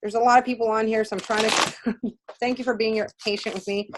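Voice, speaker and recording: A woman's voice: fairly high pitch, steady tone, background noise. A woman co-hosting a live online stream who hurries through viewer comments and thanks each person by name. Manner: hurried, fast-talking, thanks viewers one after another. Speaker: co-host reading viewer comments. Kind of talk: casual live-stream chat.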